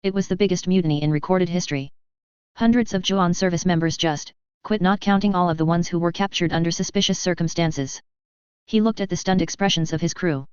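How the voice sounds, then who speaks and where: A woman narrates a science-fiction tale in a low, very clear voice. The sound is dry and slightly dull. She reads the dialogue with light character voicing. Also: fairly even intonation, a little fast, darkish tone, no echo. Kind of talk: audiobook reading of sci-fi fiction.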